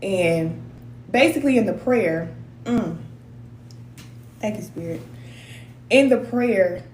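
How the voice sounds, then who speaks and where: A woman's voice: medium pitch, expressive, takes it slowly, a little mellow. Chatty woman giving a spiritual reading. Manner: chatty and rambling, reading out viewer comments. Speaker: spiritual advisor. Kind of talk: casual livestream spiritual reading. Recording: roomy sound with faint noise.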